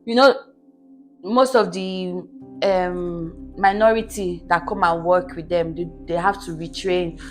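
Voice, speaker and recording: Woman, interview guest, fairly low voice, earnest and conversational, faint music in the background. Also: steady tone, measured pace. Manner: earnest, keeps checking in with "do you understand?". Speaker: podcast guest. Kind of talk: casual interview storytelling.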